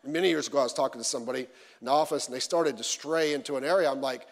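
A man preaching a sermon in a conversational, animated way, acting out what people say. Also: mid-range voice, racing. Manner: conversational, animated, acts out quoted voices. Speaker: pastor. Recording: long hall reverb.

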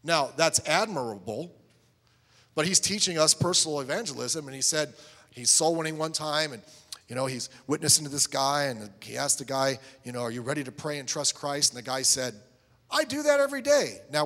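Bright-voiced preacher in an echoey hall. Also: male voice, fairly high pitch, brisk. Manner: animated storytelling, acting out both sides of conversations. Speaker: pastor. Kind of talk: sermon.

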